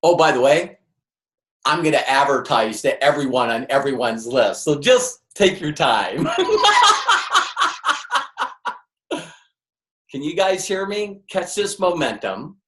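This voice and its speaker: At a normal speed and with lively intonation, this medium-pitched man leads a network marketing seminar for a live crowd. His delivery is emphatic, packed with rhetorical questions and voiced-out quotes, and the recording carries a roomy echo.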